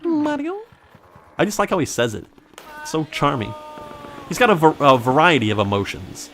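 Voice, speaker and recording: A man's voice: on the high side, big pitch swings, normal speed, a bit bright, a little hiss or hum. A man giving casual, joking gameplay commentary who rambles into silly made-up backstories. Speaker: let's play commentator.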